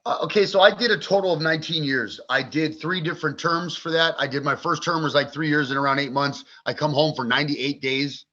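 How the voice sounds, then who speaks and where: A man's voice: on the high side, brisk, few pauses, bright, forceful tone. A man in his forties, a podcast guest, telling his story in a blunt, profane, vivid way. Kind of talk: candid interview storytelling. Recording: dull lo-fi recording.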